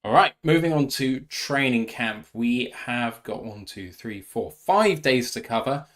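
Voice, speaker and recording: A man's voice: mid-range voice, animated, measured pace, fairly bright tone. A British man hosting a sports podcast, giving information and reading out facts and figures. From United Kingdom. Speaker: podcast host. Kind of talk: casual sports podcast chat.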